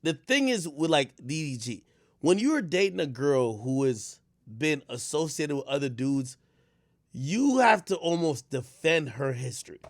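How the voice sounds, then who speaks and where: A young man in casual reaction commentary, telling stories with lots of fillers and sudden bursts of shouting. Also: on the high side, a little slow, no echo, clean studio sound. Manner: animated storytelling with frequent fillers, bursts of shouting. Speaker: streamer commentator.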